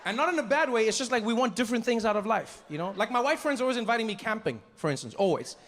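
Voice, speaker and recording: A man from Africa doing stand-up, telling stories with animated energy and jumping into put-on voices. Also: extremely high pitch, very fast. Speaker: stand-up comedian. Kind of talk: stand-up storytelling. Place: large comedy venue. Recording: live comedy hall with long reverb.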